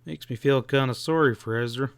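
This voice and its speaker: A man's voice: medium pitch, fairly quick, gravelly, clear, resonant tone, no echo, clean studio sound, natural voice. A man voicing a folksy, meek middle-aged rancher in a western audiobook, talking in plain cowboy speech. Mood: easygoing. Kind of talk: audiobook character voice.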